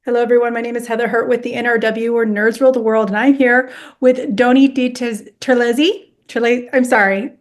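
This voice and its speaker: A woman's voice: a little high, little pitch movement, fast. A woman with a Southern US accent who hosts an interview in a friendly, self-deprecating way. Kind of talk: video interview.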